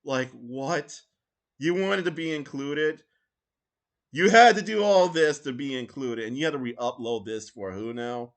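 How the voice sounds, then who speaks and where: A man's voice: medium pitch, measured pace. A man giving a sarcastic, mocking reaction commentary, swearing and mimicking the voices of others. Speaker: commentary YouTuber.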